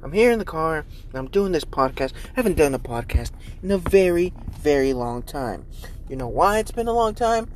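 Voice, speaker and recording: A young man hosting a casual solo podcast from inside his car, rambling and swearing with animated, profane energy. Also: poor audio. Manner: animated, profane, jumps into loud high mimicry. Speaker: podcast host.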